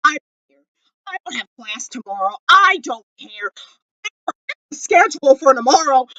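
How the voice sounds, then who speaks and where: A teenage TV reviewer in a bedroom, loud and excitable, close to tears as they react to a show. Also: high voice, normal speed, no room sound, poor audio. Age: late teens. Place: bedroom at home.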